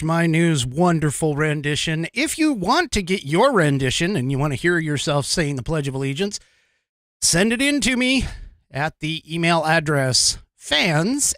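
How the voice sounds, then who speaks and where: A man's voice: fairly high pitch, a bit bright, dry recording, clean studio sound. A man hosting a livestream podcast, talking casually and rambling, with lots of fillers and frequent chuckles. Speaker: podcast host.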